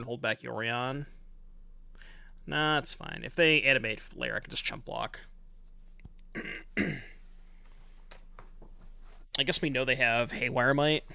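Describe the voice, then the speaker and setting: A man's voice: medium pitch, creaky, bright, forceful tone, dry recording. A man giving casual commentary on his online card game, thinking aloud in a chatty, self-mocking way and swearing now and then.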